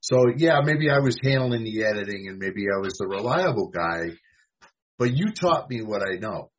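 A man's voice: lowish voice, expressive, normal speed, slight background noise. A man from New York, a guest who talks fantasy baseball in a hesitant way, full of ums and restarts. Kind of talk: casual sports chat. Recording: dull lo-fi sound.

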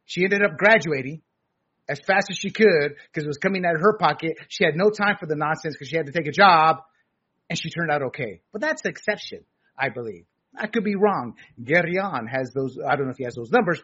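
A man's voice: high-pitched, fairly bright tone, breathy edge, muffled recording. A middle-aged man hosting a political talk show, lecturing in an opinionated way with many fillers. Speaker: host.

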